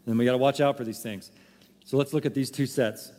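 A man's voice: mid-range voice, steady tone, fairly quick, darkish tone, big-room sound. A man preaching a sermon, emphatic and full of rhetorical questions. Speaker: pastor.

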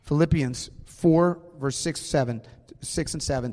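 A man preaching a sermon as pastor, earnest and slowing down to stress key words, in a church sanctuary. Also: on the high side, dark tone. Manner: earnest, slows down for emphasis. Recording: long hall reverb, faint music.

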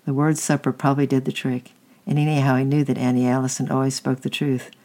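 Children's story reader, mellow tone, unhurried, halting, self-correcting. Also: mid-range voice, flat delivery. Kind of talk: children's story read aloud.

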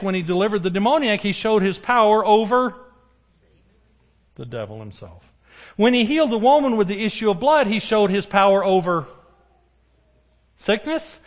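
A man preaching a sermon. He keeps putting questions to the congregation and answering them himself. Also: high-pitched. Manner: animated, asks the congregation questions.

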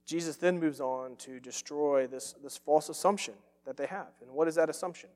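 A man's voice: on the high side, normal speed, darkish tone, in a large hall. A man preaching a sermon as pastor, earnest and emphatic, repeating phrases for stress.

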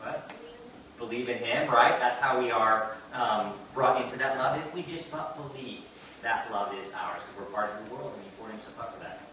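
A man preaching a sermon, moving from quiet asides to slow, emphatic declarations and questioning his congregation. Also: mid-range voice. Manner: asks the congregation questions and answers back. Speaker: pastor. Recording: echoey hall from far off, faint noise.

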